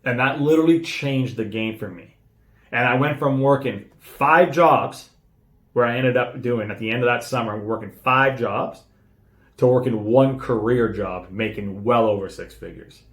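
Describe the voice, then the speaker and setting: A man's voice: medium pitch, normal speed. Young guy, sales coach telling a story, emphatic, swears a lot, mid voice, echoey room. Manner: emphatic, swears freely, swings between hushed and excited. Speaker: sales trainer. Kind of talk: motivational storytelling to camera.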